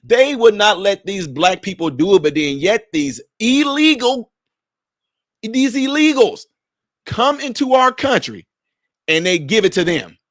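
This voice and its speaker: A man's voice: high-pitched, very animated, a little slow, fairly bright tone, dry recording, clean studio sound. A man from Chicago giving a heated political commentary, preachy and mocking, talking straight to his viewers.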